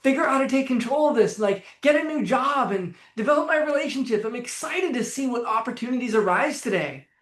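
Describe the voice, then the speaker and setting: Man doing a chirpy upbeat person, raised pitch, sing-song, echoey room. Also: lively intonation, a little fast, hardly any pauses, a bit bright. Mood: gushing. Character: cheery, upbeat person greeting the day.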